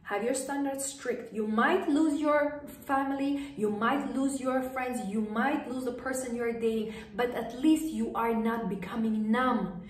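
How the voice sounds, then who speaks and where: Female coach, high voice, firm repeated commands; roomy distant recording. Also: fairly even intonation, measured pace. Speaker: lifestyle coach. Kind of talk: motivational advice to camera. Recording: echoey room, voice distant from mic.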